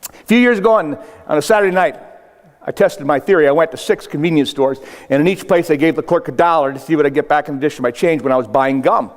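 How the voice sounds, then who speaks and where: A man's voice: on the high side, quick pace. An older man from South Dakota, a motivational speaker giving a humorous keynote to a live audience, telling stories with acted-out quotes and punchy asides. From South Dakota, United States. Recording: long hall reverb.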